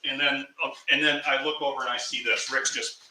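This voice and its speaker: A man with a very bright, forceful voice tells a story in casual chat, getting animated and breaking into laughter. He sits back from the mic in a roomy, echoey space, and faint background sound runs underneath. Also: medium pitch, brisk. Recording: echoey room, mic at a distance.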